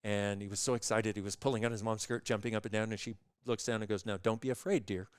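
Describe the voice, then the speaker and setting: A man appearing as a guest, telling stories in an animated way and acting out other people's voices as he goes. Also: on the low side, quick pace, clean tone, no echo. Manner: acts out other people's voices in lively quoted dialogue. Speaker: guest speaker on consciousness. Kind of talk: animated storytelling in conversation.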